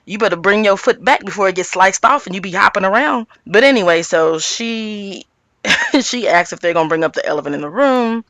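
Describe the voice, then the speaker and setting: Woman, reality TV recap host, raspy, very expressive pitch, close dry mic, chatty. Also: brisk, dry recording. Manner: animated, quotes cast members in big pitch jumps. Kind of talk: casual commentary.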